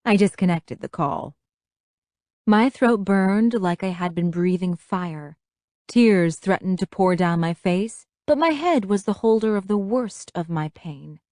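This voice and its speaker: A woman narrating a first-person audiobook with expressive storytelling. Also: mid-range voice, unhurried, no room sound, studio quality.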